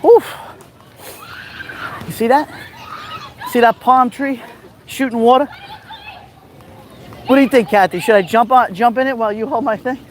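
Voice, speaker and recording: A man with a rough voice and a Brooklyn accent, chatting casually on a live stream as he walks outdoors along a beach. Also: very high voice, normal speed, pauses often, slight background noise. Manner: chatty, gives shout-outs while walking.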